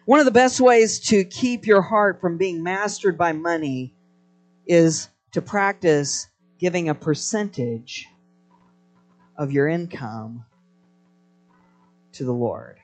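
A man's voice: on the high side, lively intonation, slow pace, pauses often, faint music behind. A man preaching a live sermon to a congregation, telling stories with energy and prompting the crowd to respond. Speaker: pastor.

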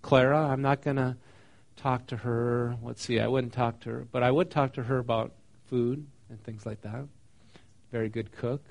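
Male pastor, middle pitch, casual sermon delivery with frequent questions to the congregation. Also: steady tone, normal speed, vocal fry, darkish tone. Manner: conversational, asks the congregation questions; reads scripture then explains it casually.

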